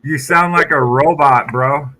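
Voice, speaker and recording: A man's voice: a little high, measured pace, crowd noise. A man co-hosting a casual podcast, asking easygoing questions and rambling with casual cursing. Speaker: podcast co-host. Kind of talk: casual chat.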